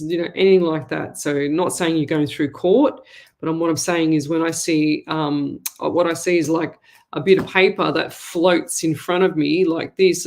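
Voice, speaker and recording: A woman hosts a live call-in show as a psychic medium. She talks in a loose, chatty, rambling way and addresses listeners warmly as "lovey". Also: on the low side. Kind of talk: live online call-in readings.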